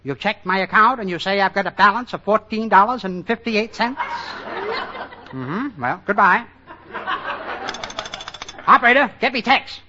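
A male comedian playing a bombastic movie producer with booming exclamations, in 1940s radio comedy. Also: big pitch swings, a little slow, long pauses. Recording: muffled vintage radio broadcast with hiss.

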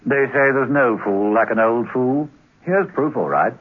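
A man narrating a radio drama with expressive, dramatic storytelling. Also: mid-range voice, unhurried, no room sound. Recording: tinny old radio recording with music.

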